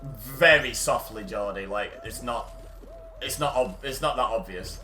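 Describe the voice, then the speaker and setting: A man's voice: medium pitch, a little slow, bright, forceful tone, faint music behind. A man streaming a game, chatting casually with friends and laughing often in a teasing way. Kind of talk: casual chat while gaming.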